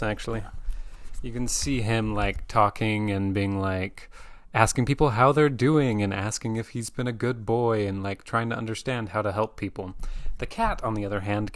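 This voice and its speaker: A man reviewing comics in a casual chat, explaining the story with many fillers. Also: on the low side.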